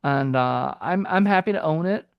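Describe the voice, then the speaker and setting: A man's voice: on the high side, lively intonation, moderate pace, clean tone, no echo, dull audio. A man co-hosting a film review podcast in casual chat. He rambles loosely, with many fillers and restarts.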